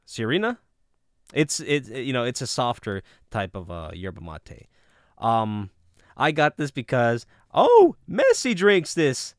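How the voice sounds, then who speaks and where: A man's voice: on the high side, smooth, no echo, studio quality. A man casually reviewing a product, rambling with many fillers and restarts.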